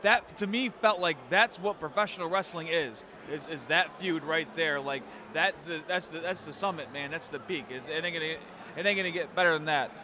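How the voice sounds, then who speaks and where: A man's voice: on the high side, normal speed. A man in his thirties, a pro wrestler answering interview questions in a friendly, chatty way. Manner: friendly and chatty, repeats words and says "man" often. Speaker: professional wrestler guest. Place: outdoors at a busy fan convention. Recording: crowd noise behind.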